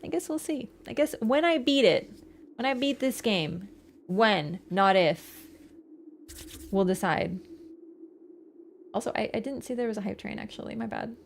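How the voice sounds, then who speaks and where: A woman's voice: on the high side, animated, unhurried, vocal fry, long pauses, a little hiss or hum. A young woman game streamer wrapping up her livestream in a rambling, chatty way, with casual swearing. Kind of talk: casual livestream sign-off chat.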